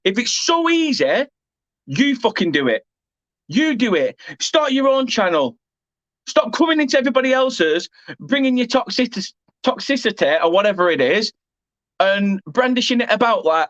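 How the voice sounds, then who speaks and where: A man's voice: very high-pitched, big pitch swings, moderate pace, a bit bright, dry recording, highs cut off. A man with an English accent who hosts a football fan channel, ranting angrily and swearing while repeatedly apologising. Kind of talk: angry rant to camera.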